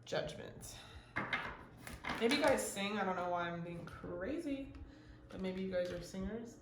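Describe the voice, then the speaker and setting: A woman giving a casual pick-a-card tarot reading, gushing excitedly and swearing casually as she pulls cards. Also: mid-range voice, normal speed. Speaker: tarot reader. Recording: roomy echo with faint ambient noise.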